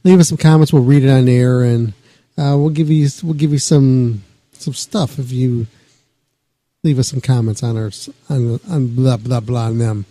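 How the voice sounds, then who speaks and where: A man's voice: mid-range voice, steady tone, measured pace, mellow, dry recording. A male podcast host signing off the show in a loose, rambling way that trails off. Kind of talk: casual show sign-off.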